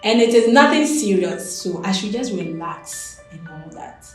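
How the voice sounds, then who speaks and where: Young Ghanaian woman, candid personal storytelling, animated delivery, very roomy echo, faint music underneath. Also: mid-range voice, a little slow. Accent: Ghanaian English. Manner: animated, expressive storytelling with many fillers. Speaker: interview guest.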